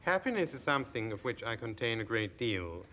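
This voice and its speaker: Dry, deadpan panel contestant. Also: male voice, mid-range voice, a little fast. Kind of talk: comic panel game banter. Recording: hissy old radio recording.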